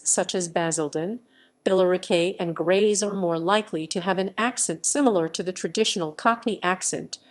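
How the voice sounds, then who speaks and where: A woman reading an encyclopedia article as scripted narration, spelling out phonetic symbols literally. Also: lowish voice. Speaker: article reader.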